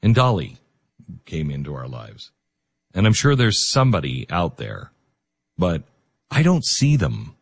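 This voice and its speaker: A man's voice: sits low, huge pitch swings, a little slow, gravelly, long pauses, slightly rough. A man hosting a talk radio show, speaking in an emotional, emphatic way.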